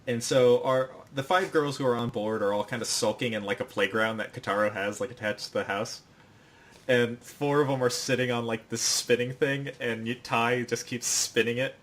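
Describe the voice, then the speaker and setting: Young male podcast co-host, mid-range voice, loose rambling delivery, quick put-on character voices. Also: mid-range voice, fairly even intonation, fairly bright tone. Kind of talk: casual chat, recapping an anime episode.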